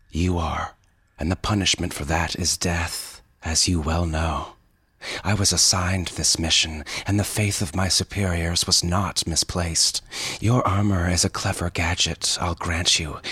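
A cold female assassin from the future, clipped and defiant, as a male narrator puts her on in a raised voice. Her tone is husky and breathy, with a bright edge, heard dry and close. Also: deep voice, dry recording, heavily acted. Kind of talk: audio fiction reading.

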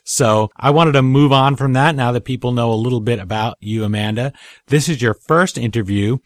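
A man's voice: mid-range voice, moderate pace, dry recording. A man hosting an interview show, chatty and encouraging as he draws out his guest. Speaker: show host. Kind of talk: conversational interview.

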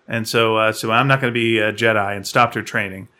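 Bright-sounding guy ranting through a movie recap on a podcast, sarcastic and rambly. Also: on the low side, fairly even intonation, fairly quick. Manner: sarcastic, rambling storytelling with mock quotes. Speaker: podcast co-host. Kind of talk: casual film-recap chat.

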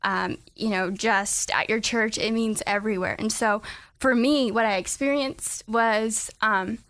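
A young adult woman speaking as a radio interview guest in an earnest, halting way with many ums, at a studio microphone. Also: a little high, fairly even intonation, a bit bright, dry recording. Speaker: guest, student back from a mission trip.

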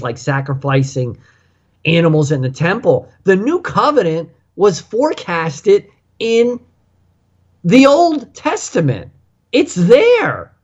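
A male radio talk show host speaking in an emphatic, preachy way and repeating himself to take calls. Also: a little high. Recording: muffled lo-fi radio audio.

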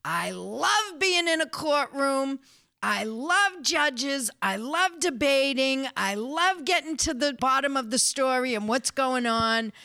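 A woman in her sixties from the Boston area tells stories with comic energy, laughing as she goes. Her voice sits a little high for a woman. The sound is dry and close. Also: slow pace, creaky, dry recording. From Boston area, USA. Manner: lively, funny storyteller who laughs often. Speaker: casting director, guest. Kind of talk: casual interview storytelling.

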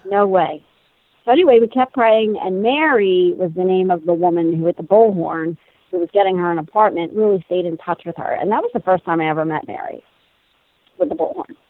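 Animated woman telling a story by phone. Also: fairly low pitch, brisk, no room sound. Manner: animated, laughing, acts out quoted voices. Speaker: guest telling a personal story. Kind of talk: conversational storytelling. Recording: tinny phone-like sound.

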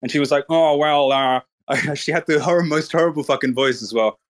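In a casual online voice chat on a Twitter space, a man talks bluntly and swears freely in a mocking way. His pitch is fairly high and he talks fast.

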